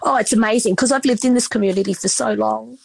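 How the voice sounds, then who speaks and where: An Australian woman who owns a restaurant tells stories in a casual podcast interview, her voice fairly high, quick, creaky, and slightly rough. The recording is dry, and her storytelling is chatty and emotional, packed with fillers.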